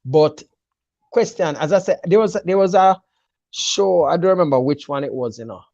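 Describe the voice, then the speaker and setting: A man's voice: on the high side, normal speed, vocal fry, darkish tone, dry recording, dull audio. A man with a Jamaican accent in a casual sports chat, confidently breaking down a team selection and mixing patois with English. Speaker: football pundit.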